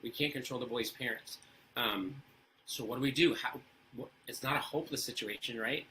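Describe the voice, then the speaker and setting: Speaking fairly quickly in a medium-pitched, sharp-toned voice, this man comes through a rough recording with slight background noise. He's a guest on parenting in a casual interview, earnestly sharing personal stories and often posing rhetorical questions.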